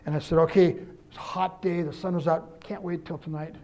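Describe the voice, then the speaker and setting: A man preaching a sermon, quoting scripture and telling a story with lively emphasis and self-corrections. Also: fairly high pitch, fairly quick, a little hiss or hum. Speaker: pastor.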